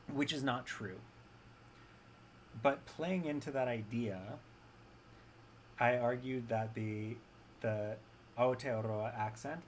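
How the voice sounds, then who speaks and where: A man's voice: mid-range voice, a little hiss or hum, rough recording. A man talking casually and enthusiastically about fiction, rambling with restarts and often checking in with "right?". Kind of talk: casual chat.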